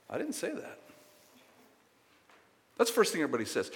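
Animated preacher in a reverberant hall. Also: male voice, fairly high pitch, normal speed, pauses often. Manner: animated and emphatic, swings between loud bursts and soft asides, repeats words. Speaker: pastor. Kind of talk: sermon.

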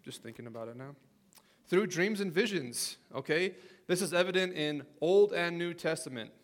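A man's voice: fairly high pitch, expressive, moderate pace. A man preaching a casual sermon in a chatty way, often checking in with the audience. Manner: conversational, asks okay and right often.

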